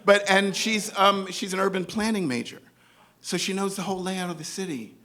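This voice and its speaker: A man's voice: high-pitched, fairly quick. A man telling a comic story from his life to an audience, acting out the voices of the people in it. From New York. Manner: animated, acts out other characters' voices. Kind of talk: live comedic storytelling.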